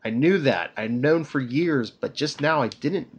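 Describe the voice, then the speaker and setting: A man's voice: mid-range voice, a little slow, slightly rough, muffled recording. A man reading a flustered, confused male friend. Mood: bewildered. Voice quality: recaps dialogue flatly.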